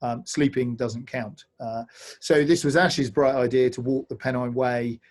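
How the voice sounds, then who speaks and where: A man from England tells adventure stories over a video call. He is easygoing and self-deprecating, with plenty of "uh"s. His voice sits at a middle pitch for a man. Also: fairly even intonation, a little slow, a little mellow. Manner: easygoing, self-deprecating storyteller with frequent fillers. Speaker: co-host of an online adventure talk. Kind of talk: casual storytelling presentation over a video call.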